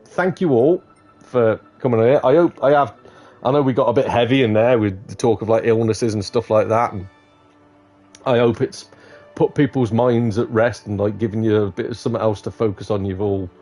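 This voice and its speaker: A man's voice: lowish voice, normal speed, darkish tone, faint music behind. A man hosting a live stream, chatting casually and rambling, swearing freely. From Shropshire, England. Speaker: livestream host.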